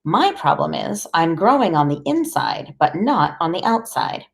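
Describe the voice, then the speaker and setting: A woman's voice: deep voice, very animated, a little slow, creaky, exaggerated voice. A woman voicing a small clever boy who talks in formal, lofty words and bosses others around. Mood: calm. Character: small clever sick boy, bossy and grandiose.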